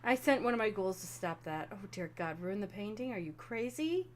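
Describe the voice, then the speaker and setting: Animated woman running a tabletop game. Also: medium pitch, a little fast, a little hiss or hum. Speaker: game master.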